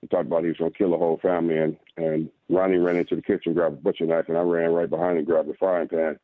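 Very deep-voiced man on a phone line. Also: flat delivery, fast, no echo. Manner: earnest, repeats words while telling a story. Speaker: guest author. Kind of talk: personal testimony storytelling.

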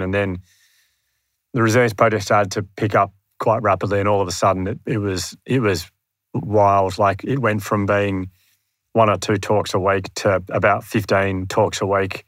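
An Australian man speaking as a podcast guest, his voice sitting low with a very dry, close sound. He tells his story earnestly and pokes fun at himself, often acting out his past thoughts. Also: fairly even intonation, normal speed, fairly bright tone, no echo. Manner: earnest, self-deprecating, acts out his own past thoughts. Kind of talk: candid storytelling in conversation. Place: room near his home.

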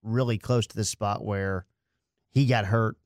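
Lowish-voiced guy shooting the breeze on sports radio, dry sound. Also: fairly even intonation, unhurried, darkish tone, dry recording. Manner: loose, chatty, jokey. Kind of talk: casual sports talk.

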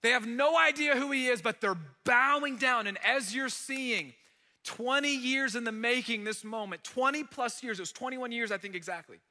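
Animated high-voiced bright preacher man. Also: normal speed, long reverb tail. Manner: animated, conversational storytelling with dramatic emphasis. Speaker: pastor. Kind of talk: sermon.

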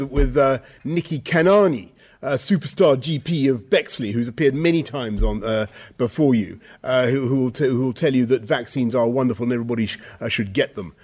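Rambling husky man politician. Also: mid-range voice. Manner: rambling, halting with repeats. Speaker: politician at press conference.

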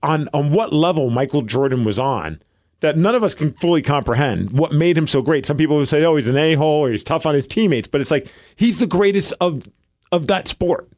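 A man's voice: a little high, lively intonation, a little fast, darkish tone, no room sound. Man, podcast co-host, casual sports banter, playful, dry recording. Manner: jokey, goofing around.

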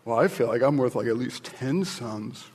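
A man's voice: medium pitch, normal speed, darkish tone, husky, long reverb tail. A man voicing a self-pitying ancient husband, muttering in a mopey, whiny way.

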